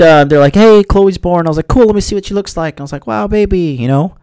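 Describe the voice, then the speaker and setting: A man's voice: a little high, no echo. A young man in his twenties ranting casually to his viewers, rambling with many restarts and swearing often. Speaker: vlogger. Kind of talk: casual profane rant to viewers.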